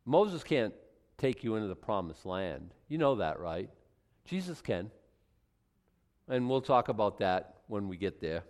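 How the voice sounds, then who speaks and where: A man's voice: lowish voice, very animated, a little slow, long pauses, darkish tone, big-room sound. A man teaching a Bible study in a casual, conversational way, reading scripture aloud then commenting with frequent restarts.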